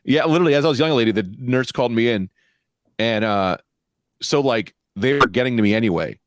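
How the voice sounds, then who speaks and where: A young man with a medium-pitched voice talks fast as co-host of a comedy podcast, with no echo on the recording. He's an animated storyteller in casual chat, acting out the people in his stories with gusto.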